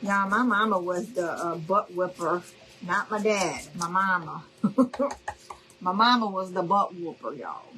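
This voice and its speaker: Slow, chatty craft host woman. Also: lowish voice, expressive, pushed and bright, faint music behind, low-quality recording. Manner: chatty, addresses viewers as y'all, checks in with okay?. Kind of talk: live crafting demonstration.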